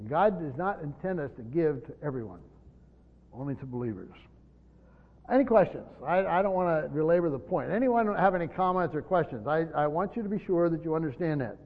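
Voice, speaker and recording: A man's voice: fairly high pitch, lively intonation, brisk. A man leading a Bible study in a conversational, explanatory way, often restarting his phrases. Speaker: Bible teacher. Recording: dull lo-fi recording in a reverberant hall.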